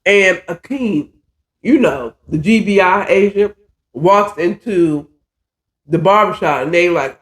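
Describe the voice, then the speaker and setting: Male podcast host, easygoing story recap, talks slowly, recorded in an echoey room. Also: high-pitched, a bit bright. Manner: loose and digressive, with side comments and swearing. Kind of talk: casual retelling of a novel chapter. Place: alone in a room.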